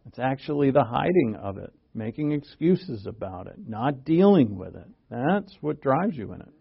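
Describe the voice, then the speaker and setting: A man preaching a sermon, earnest and halting, restarting phrases and pushing his voice up for emphasis. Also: medium pitch, big pitch swings, vocal fry, husky, highs cut off. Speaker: pastor.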